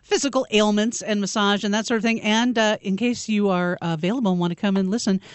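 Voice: mid-range voice, steady tone, fast talker, clean tone, no echo. A talk radio co-host reads news stories in a plain, matter-of-fact way, dropping dry asides between quotes. The voice sits close and dry to the mic.

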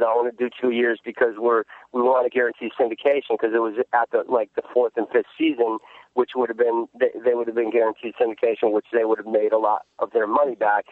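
A male actor answering interview questions, talking haltingly with many restarts. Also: medium pitch, no room sound. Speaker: actor guest. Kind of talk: interview over the phone. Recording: tinny phone line.

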